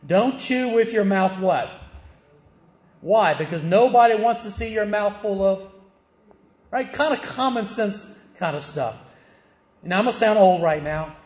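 A man's voice: high-pitched, a little slow, pauses often, a little mellow. A middle-aged man from the South, preaching a conversational sermon full of rhetorical questions. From American South. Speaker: pastor. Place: church. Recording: echoey church hall.

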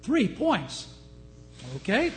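A man's voice: very high-pitched, very slow, soft background music. A man preaching a sermon, telling stories and putting questions to the congregation. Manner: animated storyteller, asks the congregation questions. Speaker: pastor. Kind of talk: sermon with storytelling.

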